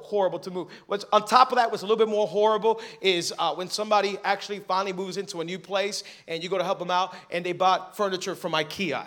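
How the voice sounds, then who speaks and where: Animated, bright-voiced male pastor preaching. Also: sits high. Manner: joking, animated storytelling to a congregation; acts out quoted voices while preaching. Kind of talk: sermon.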